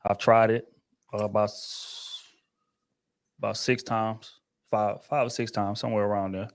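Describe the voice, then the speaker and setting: A man's voice: lowish voice, level tone, unhurried. A man hosting a casual panel talk, laid-back and emphatic, with plenty of slang. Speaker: host.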